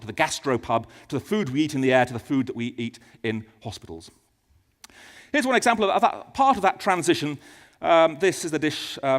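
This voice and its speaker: A man giving a conference talk in a large auditorium, animated, with many fillers and restarts. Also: on the high side. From United Kingdom. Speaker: conference speaker. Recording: long hall reverb.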